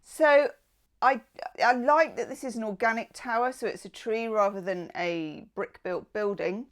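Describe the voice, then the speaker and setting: A woman's voice: a little high, measured pace. A woman giving a casual tarot reading, chatty and digressive, with playful asides. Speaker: tarot reader.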